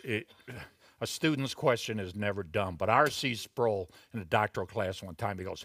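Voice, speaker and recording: A middle-aged man preaching a sermon, talking conversationally with asides and then rising into loud, emphatic bursts. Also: sing-song, no echo, studio quality. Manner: slow, deliberate delivery with sudden loud, high emphatic bursts. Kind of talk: expository sermon.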